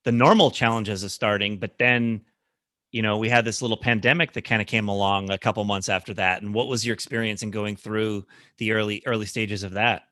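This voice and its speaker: A man's voice: lowish voice, steady tone, brisk, bright, forceful tone, no echo, clean studio sound. A man hosting a podcast interview, asking curious follow-up questions. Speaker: podcast host. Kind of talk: interview conversation.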